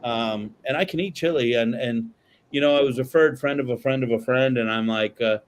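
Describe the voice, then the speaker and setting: Medium in pitch and a little fast, the host's voice comes with a touch of hiss or hum. He chats casually on his podcast, rambling, swearing freely, and often restarting amid fillers.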